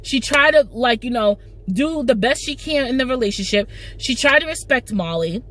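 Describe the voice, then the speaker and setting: A woman's voice: on the high side, expressive, normal speed, a bit bright. A young woman chatting casually as she recaps a TV episode for her channel, emphatic and slangy. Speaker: TV recap vlogger.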